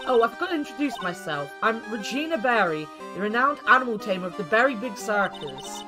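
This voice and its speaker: A woman's voice: a little high, sing-song, a little fast. A woman voicing a perky young circus animal tamer who talks in a bubbly, teasing way. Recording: game music underneath.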